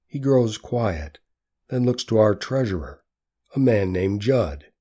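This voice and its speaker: Male storyteller, scripted narration, slow and husky, mellow tone. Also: lowish voice, animated.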